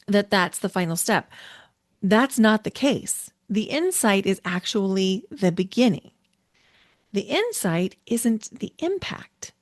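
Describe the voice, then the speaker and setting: A woman's voice: mid-range voice, dry recording. Middle-aged woman podcast host, mid-range voice, casual and self-mocking, close dry mic. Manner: chatty and self-deprecating, tells personal stories. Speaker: podcast host and intuition coach. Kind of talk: solo podcast teaching talk.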